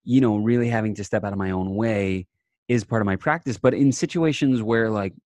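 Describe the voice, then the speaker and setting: A young adult man, an actor guest, chatting casually in a remote interview and telling animated stories in which he quotes himself. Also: fairly low pitch, fairly quick, no echo. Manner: animated storyteller, quotes himself in lively bursts. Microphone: remote call mic.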